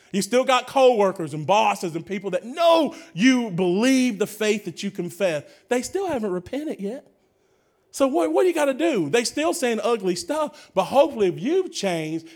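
A man preaching a sermon as pastor, swinging between shouted bursts and hushed asides while calling out to the congregation. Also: sits high. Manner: energetic preaching with sudden shouts and hushed drops, calls to the congregation.

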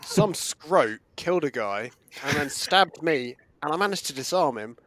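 Sarcastic player with a dry voice. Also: male voice, a little high, expressive, a little slow, fairly bright tone, dry recording. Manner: sarcastic, joking. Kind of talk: tabletop game play.

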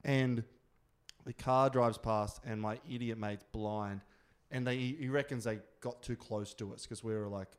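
Relaxed Australian man telling a story. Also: mid-range voice, clean tone. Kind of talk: casual chat.

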